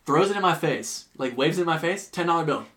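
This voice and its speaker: A man's voice: fairly high pitch, animated, quick pace, pushed and bright. A man hosting a podcast, telling a story in casual chat, acting out quotes and swearing freely. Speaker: podcast host.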